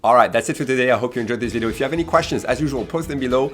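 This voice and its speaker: A man's voice: mid-range voice, soft background music. Patient man teaching French pronunciation. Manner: patient, repeats words slowly for learners. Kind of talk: online language lesson.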